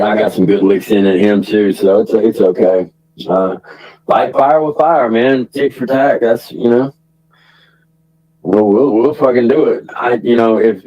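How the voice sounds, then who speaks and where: A man's voice: medium pitch, a little mellow, rough recording. A man ranting casually to his stream audience, rambling through restarts and profanity and laughing often. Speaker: livestream commentator.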